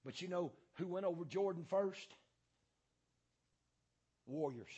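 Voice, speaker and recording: Fiery raspy preacher man. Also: sits high, normal speed, warm tone, muffled recording. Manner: fiery preaching with repetition and frequent "uh" and "um". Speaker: pastor. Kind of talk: sermon.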